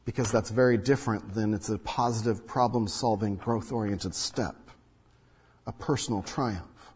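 A man's voice: lowish voice, moderate pace, darkish tone, slightly rough. A man preaching a sermon as pastor, teaching earnestly, asking rhetorical questions and speaking to the congregation directly. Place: church hall with congregation. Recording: long hall reverb.

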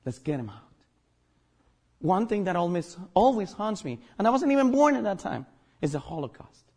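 Guatemalan accent guy preaching, husky voice, pitch jumps all over, jokes around. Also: brisk. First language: Spanish. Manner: animated, emphatic, joking. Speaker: pastor. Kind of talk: sermon.

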